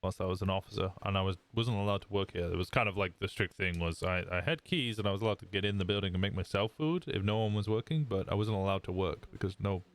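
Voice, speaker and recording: A man chatting casually with another roleplay player, friendly and asking quick questions. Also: deep voice. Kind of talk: casual in-character chat.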